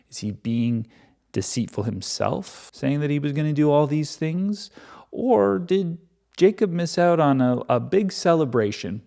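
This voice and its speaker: A man's voice: fairly high pitch, lively intonation, unhurried, gravelly, mellow. A man reading a Bible chapter aloud and breaking off for sarcastic, mocking asides between verses. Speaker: Bible reader and commentator. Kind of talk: Bible reading with irreverent commentary.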